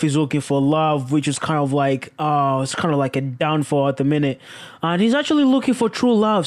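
A speaker casually recapping a crime show, animated and profane, often jumping to high exclaims. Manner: animated, swearing, exclamatory, with sudden leaps in pitch.

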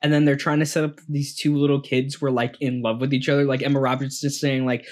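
A man's voice: mid-range voice, flat delivery, fast talker, hardly any pauses. A man co-hosting a casual movie-review podcast, rambling with many fillers and frequent laughs. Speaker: podcast co-host.

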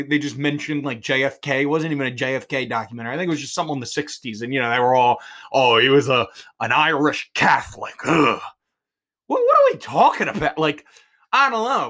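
A man's voice: on the high side, sharp tone. A man in his twenties from New Jersey, hosting a solo podcast in a rambling, sarcastic, ranting way. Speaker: podcast host. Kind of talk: solo rambling comedic monologue.

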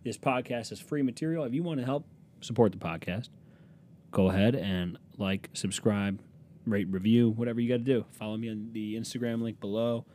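Young male solo podcaster, low mellow voice, crude self-mocking rambler. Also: brisk, slight background noise. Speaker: podcast host. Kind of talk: solo comedic podcast monologue. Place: small room at a desk, recording alone. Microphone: desk microphone.

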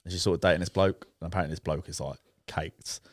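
A man's voice: deep voice, fairly even intonation, fast talker, no room sound, clean studio sound. A man, co-hosting a podcast and telling a story in casual, slangy chat with frequent laughs. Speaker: podcast co-host.

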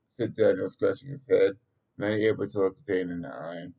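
A man's voice: low-pitched, normal speed, creaky, warm tone, low-quality recording. A man narrating a story aloud in a homemade reading, stumbling and restarting now and then. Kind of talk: amateur read-aloud narration.

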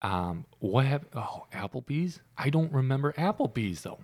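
A young man co-hosting a casual podcast, talking in a relaxed, swearing way. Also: medium pitch, moderate pace. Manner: laid-back, swearing. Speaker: podcast co-host. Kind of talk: casual chat.

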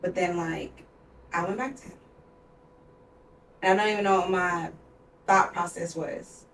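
A woman's voice: lowish voice, steady tone, a little slow, fairly bright tone, a little hiss or hum. A young woman in her twenties, a podcast co-host, telling a personal story in a candid, emotional way, with heavy use of "like.". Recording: roomy sound, distant from mic.

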